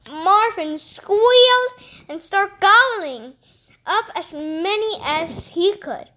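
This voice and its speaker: A woman reading a children's story aloud in an expressive, lively way. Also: very high voice, slow. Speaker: storybook reader.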